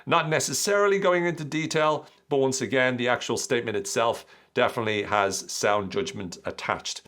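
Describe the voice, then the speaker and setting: A man's voice: medium pitch, moderate pace, a bit bright. Irish man breaking down political speeches. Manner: explanatory, reads quotes aloud then breaks them down. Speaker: podcast host. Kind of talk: analytical commentary.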